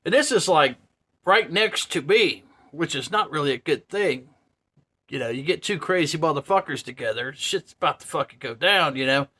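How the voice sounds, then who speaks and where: 50ish guy vlogging, laughs a lot, swears constantly, sharp bright voice. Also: on the high side, moderate pace. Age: 50s. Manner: profane, laughing, animated. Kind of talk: casual storytelling.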